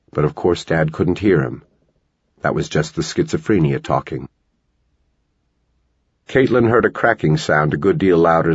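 A man narrating a tense novel in steady storytelling, in a dull lo-fi recording. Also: a bass voice, breathy edge, no echo. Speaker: audiobook narrator. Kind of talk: scripted narration.

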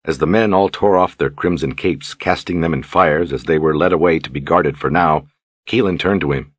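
A man narrating a fantasy audiobook in a steady, scripted storytelling voice. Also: a bass voice, moderate pace, slightly rough, no echo, studio quality.

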